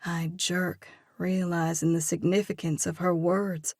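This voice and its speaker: Slow, measured woman audiobook narrator. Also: on the low side, flat delivery, darkish tone, no echo, studio quality. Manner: measured, reflective first-person reading.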